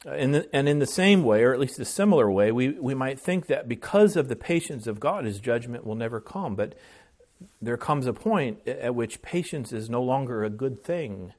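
Male pastor, sermon delivery, mid-pitched voice, earnest, restarts words, rises in volume to stress points. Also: expressive, moderate pace, a little mellow. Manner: earnest preaching with frequent restarts, swells in volume on key phrases.

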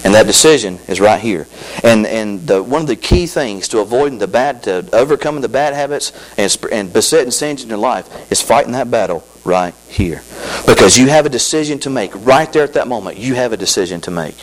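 A man preaching a sermon as pastor, folksy and emphatic, often repeating phrases and swinging between loud and quiet. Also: lowish voice, lively intonation, a little fast, low-quality recording.

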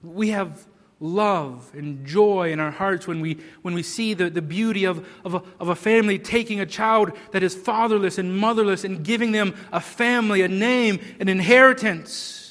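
A man's voice: high-pitched, normal speed, fairly bright tone, long reverb tail. A man preaching a sermon, earnest and emphatic, with rhetorical questions and repeated words.

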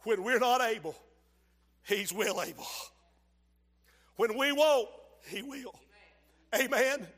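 Fervent high-voiced preacher. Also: male voice, slow, long pauses, husky. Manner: fervent preaching, swells to shouts and drops low, calls to the congregation. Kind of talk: sermon. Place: church sanctuary. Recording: long hall reverb.

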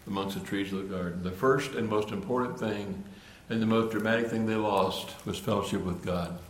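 With earnest emphasis, a man delivers a sermon in a lowish voice, often repeating and restarting phrases before building to emphatic points. There is slight background noise, and the room is echoey.

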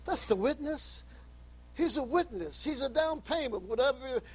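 Reading aloud from the King James wording, a man calls out to sinners in a fervent sermon that builds to high shouts. His voice is expressive and slightly rough at a normal speed, and the recording itself is rough.

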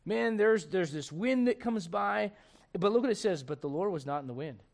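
A male pastor preaching a sermon, swinging between shouted intensity and hushed, gentle tones. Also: sits high, lively intonation, fairly quick.

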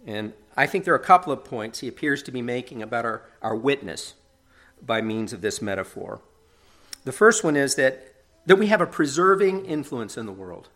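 A man's voice: medium pitch, animated, moderate pace, a bit bright. A middle-aged man preaching a sermon in an earnest, conversational way, often checking in with tag questions.

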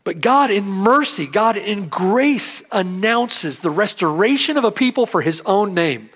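Male preacher, fairly high voice, animated delivery, emphatic sermon reading. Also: measured pace. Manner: emphatic, rising and falling sharply for stress.

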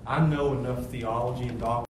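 A man preaching a sermon, swinging between shouted intensity and quiet, low asides. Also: fairly even intonation, fairly quick. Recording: very echoey, distant from the mic, faint noise.

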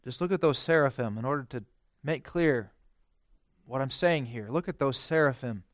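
A male preacher delivering a sermon, swinging from hushed, quiet phrases to loud, emphatic declarations. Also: medium pitch, normal speed, dry recording, clean studio sound.

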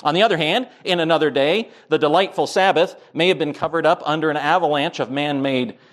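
A man's voice: a little high, a little fast. A man preaching a sermon as pastor, earnest, building to emphatic points.

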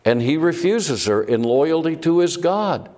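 A man preaching a sermon, retelling scripture with lively swings in pitch and volume and many rhetorical questions. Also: a little slow. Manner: animated, rhetorical questions, shifting loudness. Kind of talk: expository sermon. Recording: long hall reverb.

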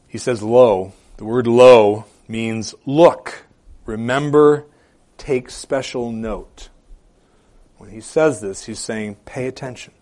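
A male pastor preaching a sermon, repeating phrases for emphasis and moving between loud declarations and quiet, hushed appeals. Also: mid-range voice, fairly even intonation, takes it slowly. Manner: repeats phrases for emphasis with occasional filler hesitations.

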